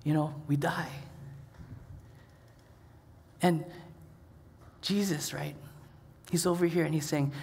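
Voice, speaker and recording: Animated preacher in a reverberant church. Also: male voice, on the high side, a little slow, creaky, long pauses, a little hiss or hum. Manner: conversational, repeats words, animated. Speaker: pastor. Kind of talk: sermon. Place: church sanctuary.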